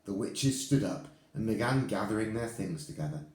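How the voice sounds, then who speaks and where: A man reading a children's book aloud to his listeners, with expressive, animated storytelling. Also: lowish voice, normal speed, roomy sound.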